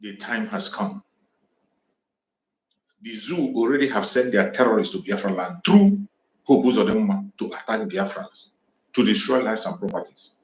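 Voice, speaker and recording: A man's voice: on the low side, lively intonation, normal speed. Fiery man on an echoey livestream. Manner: fiery, repetitive, defiant declarations. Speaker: activist livestream host. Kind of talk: impassioned livestream address. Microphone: home livestream microphone. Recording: echoey room.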